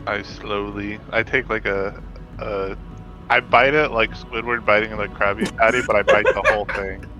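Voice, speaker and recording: A man playing a tabletop game, speaking in a halting, hesitant way. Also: fairly low pitch, fairly even intonation, lo-fi sound, music in the background. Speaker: player. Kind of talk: casual tabletop play.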